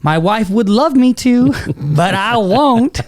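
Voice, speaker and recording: A man co-hosting a casual business talk, telling stories in a lively way, laughing often and acting out the people he quotes. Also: sits high, slow pace. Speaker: co-host of a business talk show.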